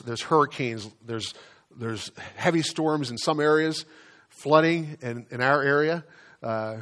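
This pastor's sermon is conversational, marked by frequent repetition and a slower pace on key phrases. His voice is mid-range and a bit bright.

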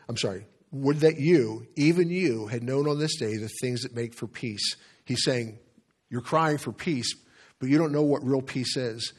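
A man preaches from the pulpit, steady and earnest. His voice sits at an ordinary middle pitch, and he paces his words with pauses, rising to stress key lines as he works through a passage. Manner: earnest, with pauses and self-corrections while reading scripture. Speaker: pastor. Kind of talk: sermon.

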